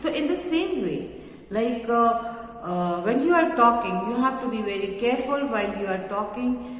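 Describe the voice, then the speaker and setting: A woman's voice: on the high side, expressive, normal speed. A woman teacher with an Indian English accent, explaining a lesson to children, with many fillers and repetitions. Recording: echoey room with long reverb.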